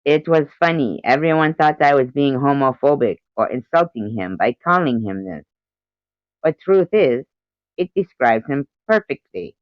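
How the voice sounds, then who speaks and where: A woman's voice: a bass voice, animated, moderate pace, dry recording, highs cut off. Playful woman bantering with her stream chat. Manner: playful, teasing, answers chat messages aloud; tries out joke accents. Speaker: livestream host. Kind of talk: casual livestream chat with viewers.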